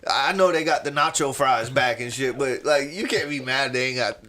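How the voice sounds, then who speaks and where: A man tells a story on a podcast, loose and animated, putting on other people's voices as he goes. His voice is bright and forward. He sits at a middle pitch and talks in a relaxed, chatty way. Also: moderate pace, slight background noise. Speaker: podcast co-host. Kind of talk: casual storytelling chat.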